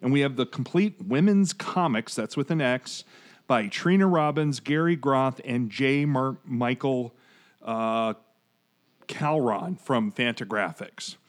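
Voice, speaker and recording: A man in his forties hosts a podcast, chatting casually and digressing while reading out award winners. He speaks slowly in a medium-pitched voice.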